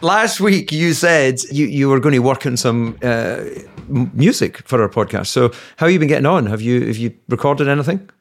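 A man's voice: medium pitch, lively intonation, moderate pace, few pauses. A man co-hosting a podcast, asking his partner teasing, probing questions in casual chat. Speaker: podcast co-host.

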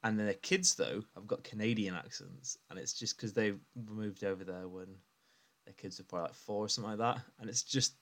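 A man chatting on a podcast, his voice sitting a little low. He rambles through anecdotes with plenty of laughter and filler words, relaxed and conversational. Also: brisk. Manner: rambling storyteller, laughs often. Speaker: podcast co-host. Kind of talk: casual chat.

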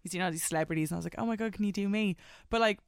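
A woman in a middle pitch hosts a casual radio interview, bubbly and quick with exclamations. Her voice is close and dry, with no room sound. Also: clear, resonant tone, no room sound.

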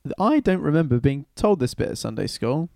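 A man's voice: a little high, big pitch swings, brisk, vocal fry, darkish tone, no echo, clean studio sound. A man retelling an old story casually and irreverently, swearing and joking.

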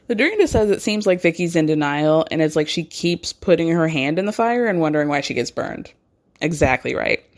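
A woman's voice: deep voice, lively intonation, a little fast. A woman casually recapping reality TV, chatty and gossipy, laughing often and acting out quotes. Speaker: podcast host recapping reality TV. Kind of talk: casual chat.

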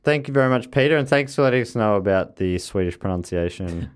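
A man with a fairly low voice co-hosts a casual podcast chat. He reads out listener messages, stops and restarts sentences, and laughs often between remarks. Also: lively intonation, quick pace, smooth. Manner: chatty, laughs often, frequent fillers and restarts. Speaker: podcast co-host reading listener mail.

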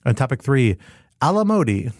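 A man's voice: medium pitch, big pitch swings, moderate pace, a little mellow, dry recording. A man hosting a podcast in a studio, introducing topics with playful wordplay and frequent laughs. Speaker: podcast host.

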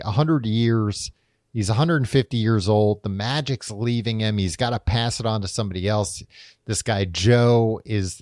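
A man co-hosting a podcast in casual chat, animated and quick to laugh, swearing now and then. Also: mid-range voice, dry recording, studio quality. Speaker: podcast co-host.

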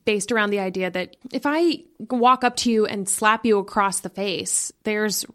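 A woman's voice: mid-range voice, normal speed, bright, forceful tone. A woman guest on a podcast, explaining her ideas in an earnest, emphatic way. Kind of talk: casual chat.

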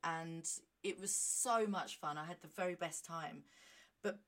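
A woman talking casually on her own podcast, animated and self-mocking, reading aloud with chatty asides. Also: on the low side, a little slow. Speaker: podcast host. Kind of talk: casual solo monologue.

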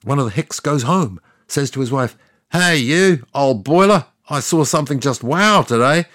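A man's voice: medium pitch, animated, normal speed, a bit bright, dry recording, studio quality, natural voice. A man plays God as a sardonic, chatty ancient deity, telling the story in a scripted comic monologue. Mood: wry.

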